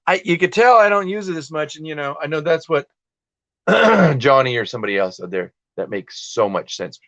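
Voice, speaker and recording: A man's voice: a little high, animated, normal speed, a bit bright, no room sound, muffled recording. A man hosting a casual livestream while listing items for sale, rambling and self-deprecating as he chats with viewers. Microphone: desktop computer and phone.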